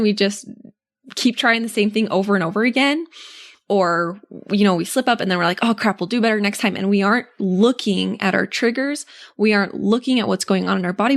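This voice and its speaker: An earnest young woman hosts a solo coaching podcast, speaking straight to her listeners. Her mid-range voice carries a steady gravelly fry. She plays out inner thoughts in a light, encouraging way. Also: medium pitch, brisk.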